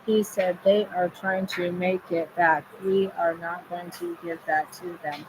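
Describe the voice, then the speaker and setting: A woman speaks as a medium in a low, level voice that barely rises or falls. Her phrases circle back on themselves in a chant-like rhythm, and a steady hiss of background noise sits under her words. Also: a little slow. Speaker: spirit medium relaying messages.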